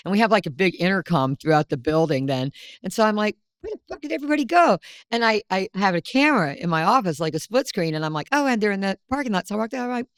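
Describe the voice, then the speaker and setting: A woman's voice: medium pitch, expressive, quick pace, hardly any pauses, clean tone, dry recording. A woman from South Carolina hosting a podcast, telling stories casually, swearing freely and acting out quotes. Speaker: podcast host. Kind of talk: casual storytelling chat. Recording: dry close-miked studio sound.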